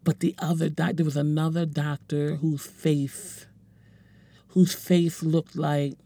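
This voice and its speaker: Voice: medium pitch, flat delivery, mellow, breathy edge. A speaker in their forties gives a heartfelt personal testimony, emotional and earnest, often stumbling and repeating words. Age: 40s. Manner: earnest, halting, repeats words while searching for them. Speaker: speaker sharing a personal story.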